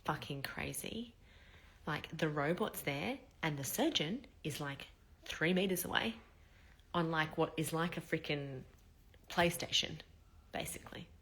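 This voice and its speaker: A woman in her thirties talks through a candid personal vlog, her voice bright and clear with a low pitch for her sex. She sounds a little short of breath as she recovers after surgery, and she tells the story loosely and emotionally, with fillers and the odd swear word. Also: a little slow. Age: 30s. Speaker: vlogger.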